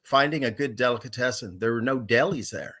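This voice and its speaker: A man's voice: mid-range voice, a little fast, a bit bright. A man, a guest author, chatting casually and chiming in with short friendly remarks. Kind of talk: casual conversation.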